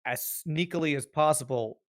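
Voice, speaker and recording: A man's voice: on the high side, normal speed, no echo, clean studio sound. A man playing a tabletop game, casually describing what his character does in third person. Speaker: player.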